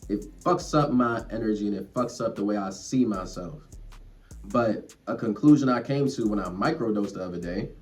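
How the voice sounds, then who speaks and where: Young guy ranting at camera, low voice, kinda far from the mic, some soft music under it. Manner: rambling, profane, earnest, self-reflective. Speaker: vlogger. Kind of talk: casual rant to camera. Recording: distant mic, faint music behind.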